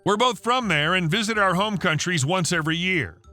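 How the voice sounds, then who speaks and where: A man reading online stories aloud with a lively storytelling delivery. His voice sits high and bright, with a pitch that swings a lot. Faint music plays softly behind him. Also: brisk, no room sound. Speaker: story narrator. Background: faint background music.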